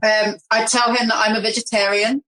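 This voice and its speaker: A woman's voice: a little high, level tone, brisk, pushed and bright, low-quality recording. A woman playing in an improvised tabletop game, casual and playful, hesitating with frequent ums. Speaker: player.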